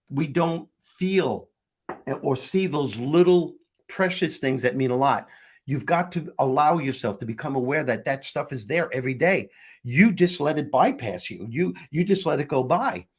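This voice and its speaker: A man's voice: mid-range voice, lively intonation, moderate pace, husky. A man with a New York accent, hosting a casual talk show, telling stories with humor and the odd swear word. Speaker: host. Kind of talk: casual chat.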